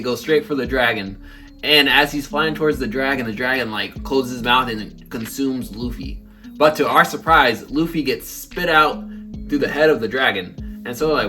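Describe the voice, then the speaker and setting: A man's voice: mid-range voice, normal speed, pushed and bright, faint music behind. A man co-hosting a casual chat, retelling a comic chapter and acting out the characters' lines. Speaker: co-host.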